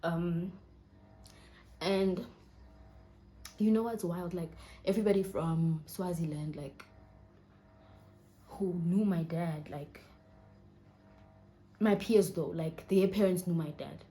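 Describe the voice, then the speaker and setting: Young southern african woman, deep mellow voice, fighting tears, slips into whispers. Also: takes it slowly, long pauses. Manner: emotional, often dropping to a near whisper. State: holding back tears. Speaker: vlogger. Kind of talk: sit-down personal storytelling. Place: indoors, seated.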